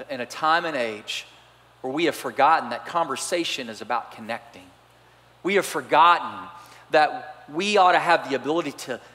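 A man preaching a sermon as pastor, animated and swinging between loud and soft delivery. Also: a little high. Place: church sanctuary. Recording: church hall reverb.

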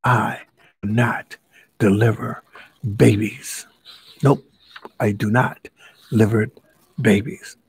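A man's voice: medium pitch, husky, full character voice. A man voicing a talkative, proud male stork postmaster in a children's storybook, reeling off rhyming lists. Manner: chatty, lists things in rhymes.

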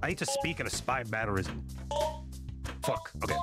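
A man voicing a suave French male spy from a shooter game through a pitch-lowering voice changer, boasting crudely and smugly. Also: wildly swooping pitch, moderate pace, over loud music. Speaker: streamer. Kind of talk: gaming livestream.

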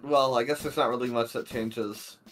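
A man's voice: mid-range voice, steady tone, normal speed, fairly bright tone, soft background music. A man co-hosting a game playthrough, chiming in with teasing, laughing remarks. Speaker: co-host. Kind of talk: casual gameplay commentary.

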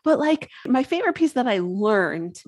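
A woman's voice: fairly high pitch, big pitch swings, normal speed, darkish tone, no echo, studio quality. A woman author guesting on a podcast interview, chatty and rambling, leaning on "like" and laughing often.

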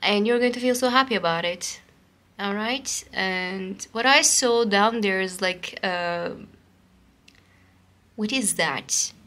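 A woman giving a casual, excitable coffee cup reading to her viewers, talking loosely with many fillers and keeps checking in with "okay?". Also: medium pitch, takes it slowly. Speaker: coffee cup and tarot reader.

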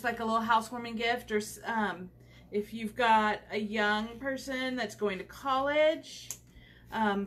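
A woman's voice: fairly high pitch, fairly bright tone, slight background noise. A woman chatting casually while demonstrating a craft on a livestream, rambling with many fillers, recorded at home on the camera mic.

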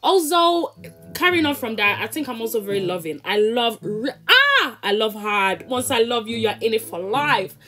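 A woman's voice: on the high side, very animated, normal speed, pushed and bright. A young woman, chatting playfully and joking as she does her makeup on camera. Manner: playful, jokey, laughs often. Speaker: beauty vlogger. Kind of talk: casual chat while doing makeup.

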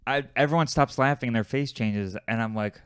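A man's voice: mid-range voice, fairly quick, clean tone, dry recording, studio quality. A man co-hosting a podcast, telling a story in casual chat and acting out the people in it. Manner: storytelling, riffing with quoted voices. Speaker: podcast co-host.

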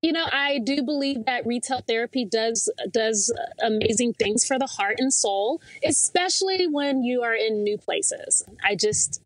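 A woman from the American South, a podcast interview guest, telling a personal story with lively acted-out dialogue. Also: a little high, unhurried, few pauses, no room sound, rough recording. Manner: animated storyteller, acts out quoted dialogue.

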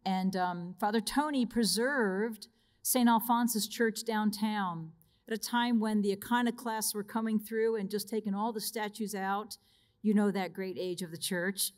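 A woman religious sister speaks to a retreat audience in a conversational, personal way. She tells stories and laughs easily between them. Her voice sits at a middle pitch. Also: steady tone, a little slow.

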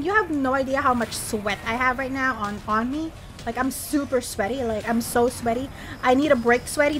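High bright-voiced panicky woman streamer. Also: a little hiss or hum. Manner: panicky, jokey, bursts into shrieks and laughs. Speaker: streamer playing a horror game. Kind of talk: casual gameplay commentary.

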